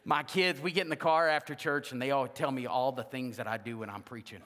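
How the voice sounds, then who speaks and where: A man's voice: medium pitch, fast talker, hardly any pauses, in a large hall. A man preaching a humorous sermon as pastor, joking and acting out quoted dialogue. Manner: jokey, animated, acts out quoted dialogue. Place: church sanctuary.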